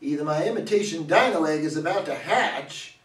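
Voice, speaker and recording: A man's voice: a little high, animated, fairly quick, a bit bright. A man playing a boastful old cowboy showman. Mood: cocky, folksy. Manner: folksy drawl, hammy and salesman-like. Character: boastful older male cowboy running a roadside museum. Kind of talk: reader's theater stage reading. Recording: echoey hall from far off.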